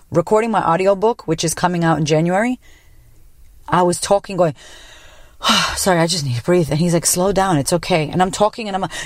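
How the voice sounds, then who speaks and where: A woman hosting a podcast, telling a personal story in a blunt, profane, animated way. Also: low voice, no echo, clean studio sound. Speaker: podcast host. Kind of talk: casual personal monologue.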